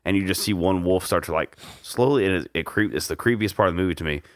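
A man's voice: low voice, quick pace, dry recording, studio quality. A man co-hosting a casual podcast, talking through a movie scene in a rambling, earnest way. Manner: rambling, restarts phrases, earnest. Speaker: podcast co-host. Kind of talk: casual chat recapping a movie.

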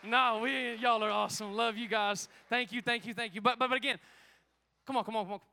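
A man pastor preaching an energetic sermon, calling out to the congregation, a little out of breath. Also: extremely high pitch, a little fast, gravelly. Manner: emphatic preaching with call-outs to the congregation.

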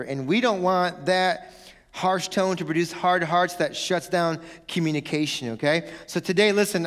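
A man, a pastor, preaching a sermon in a lively, playful way, acting out little scenes from home. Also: sits high, big-room sound. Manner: animated, playful, acts out family quarrels.

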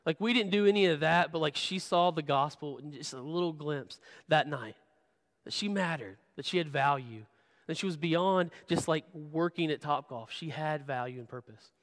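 A man's voice: on the high side, normal speed, a bit bright, long reverb tail. A man preaching a sermon, telling a candid personal story and often repeating words as he stresses a point. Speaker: pastor. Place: church sanctuary.

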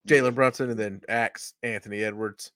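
A man's voice: lowish voice, steady tone, normal speed, a bit bright, dry recording. A man hosting a laid-back basketball podcast, moving the talk along and joking with the others. His voice sits in the middle range and sounds dry and close to the mic. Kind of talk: casual sports chat.

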